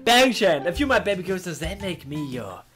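A young man hosting a comedic reaction video, excitable and joking, often exclaiming and laughing. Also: high voice, brisk. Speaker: youtube reaction host.

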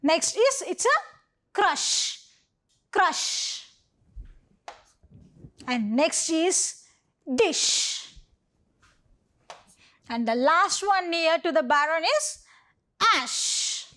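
Slow, high-voiced teacher spelling for kids. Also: female voice, big pitch swings, sharp tone. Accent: Indian English. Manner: spells words out letter by letter, slow and deliberate. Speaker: primary school teacher. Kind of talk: online phonics lesson for young children.

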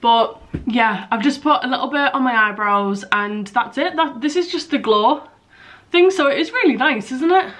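A woman's voice: high-pitched, moderate pace, fairly bright tone. A young British woman chatting to the camera in a casual vlog, rambling and a bit nervous and out of breath. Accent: British English. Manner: chatty, rambling, self-deprecating. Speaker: vlogger.

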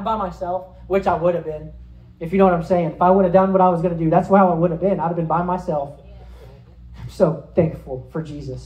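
Animated preacher in an echoey hall. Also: male voice, high-pitched, quick pace. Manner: animated storytelling, acting out scenes, rising to shouts. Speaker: pastor. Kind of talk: sermon with storytelling and prayer.

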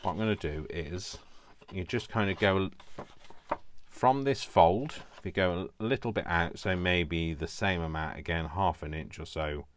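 A man's voice: low voice, measured pace, a little hiss or hum. A man with a Yorkshire accent chatting casually as he walks through a craft project, talking to himself and poking fun at his own work. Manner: chatty, self-deprecating, talks to himself while working. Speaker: craft video host.

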